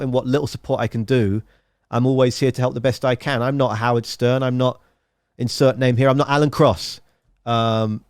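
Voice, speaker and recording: A man's voice: mid-range voice, no room sound. A man hosting a podcast and spinning long, winding stories with plenty of animation. His voice sits in a middle range. It is recorded dry and close, with no room sound. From England. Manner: rambling, animated storyteller. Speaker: podcast host. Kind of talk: casual interview chat.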